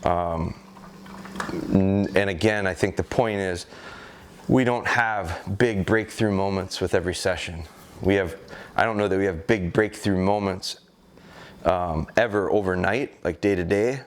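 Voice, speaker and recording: A middle-aged American man, a gun dog trainer, calmly explaining a training session and hesitating with fillers as he goes. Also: deep voice, measured pace. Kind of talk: instructional talk during a training session.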